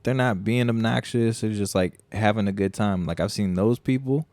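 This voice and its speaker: A man co-hosting a podcast, telling stories in casual, profane, animated chat. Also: lowish voice, moderate pace, no room sound. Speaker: podcast co-host.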